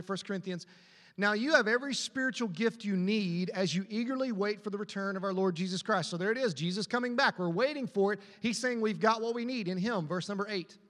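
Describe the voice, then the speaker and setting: High-voiced preacher in a reverberant hall. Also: male voice, fairly quick, fairly bright tone. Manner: emphatic, repetitive preaching with call-and-response questions. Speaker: pastor. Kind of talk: sermon. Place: church auditorium.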